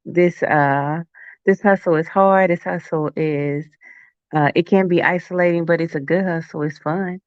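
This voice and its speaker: A man hosting a casual livestream chat, talking in an easygoing way with drawn-out phrases. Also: on the high side, fairly even intonation, smooth, dry recording. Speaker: host. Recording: dry, dull-sounding stream audio.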